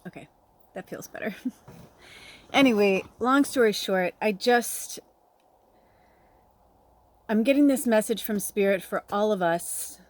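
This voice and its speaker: Woman, middle-aged, tarot reader, casual rambling talk, laughs often, mid-pitched. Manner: emotional, near tears. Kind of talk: casual spiritual vlog chat.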